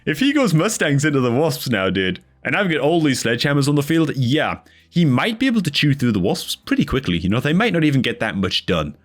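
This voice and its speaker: A man giving casual, animated commentary over his own strategy game match, chatty and frustrated at his misplays, dropping "dude" and "man" constantly. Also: fairly high pitch, brisk, soft background music. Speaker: gameplay commentator.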